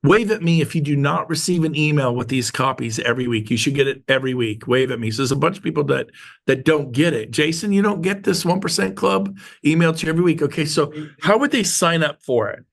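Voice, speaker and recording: A man leading a real estate team meeting with a motivational talk, emphatic and repetitive, slowing down to stress his points to a live audience. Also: a little high, gravelly.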